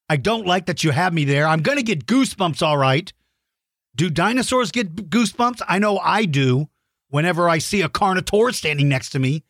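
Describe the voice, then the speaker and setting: Middle-aged male kids' podcast host, bright high pitch, dry booth sound, playful mock-outraged bursts. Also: no echo. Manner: animated, mock-outraged shouts in play. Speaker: podcast host giving shout-outs to young listeners. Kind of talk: warm kids' podcast chat.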